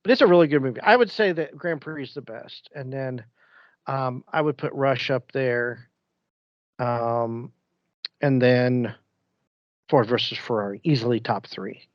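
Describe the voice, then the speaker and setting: A man, co-hosting a podcast and telling stories in casual, animated chat. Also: medium pitch, a little slow, pauses often, no echo, dull audio. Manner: rambling, animated storyteller. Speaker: podcast co-host.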